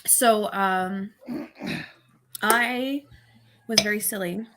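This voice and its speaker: A woman's voice: medium pitch, extremely slow, noisy background. A woman rambling casually about her beer on an online panel over a video call. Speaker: panel member.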